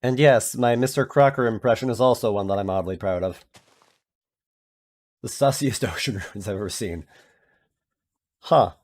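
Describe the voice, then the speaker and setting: A man's voice: on the low side, normal speed, pauses often. A man streaming a game, chatting casually in a rambling, self-mocking way with playful voice bits. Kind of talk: casual chat while playing a game.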